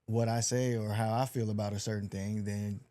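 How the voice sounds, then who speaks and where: Animated dad telling stories. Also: male voice, fairly low pitch, a little fast. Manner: animated storyteller, quotes his daughter's talk. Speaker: podcast co-host. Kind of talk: casual chat.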